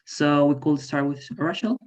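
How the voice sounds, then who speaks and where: A woman's voice: sits low, moderate pace, darkish tone. A woman moderating a language exchange, announcing each question in an orderly way over a video call. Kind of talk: event moderation. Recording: muffled video call audio.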